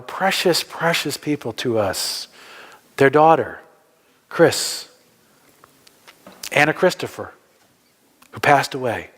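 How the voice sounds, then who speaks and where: Man preaching in a reverberant church. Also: fairly high pitch. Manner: conversational, asks the congregation questions. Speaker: pastor. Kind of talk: sermon. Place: church hall. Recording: church hall with long reverb.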